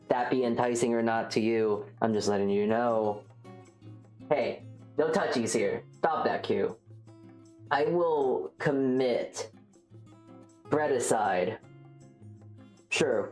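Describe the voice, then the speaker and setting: A woman's voice: extremely low pitch, slow pace, long pauses, a little mellow, soft background music. A woman streamer chatting casually and rambling, joking at her own expense while reacting to chat. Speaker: livestreamer. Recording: roomy echo.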